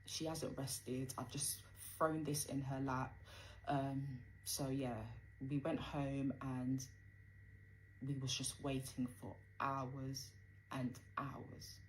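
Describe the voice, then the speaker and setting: Brief: woman, low voice, casual storytime delivery with "um"s and "like"s, faint hiss behind. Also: little pitch movement, takes it slowly, rough recording. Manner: conversational, frequent fillers, acts out quoted dialogue.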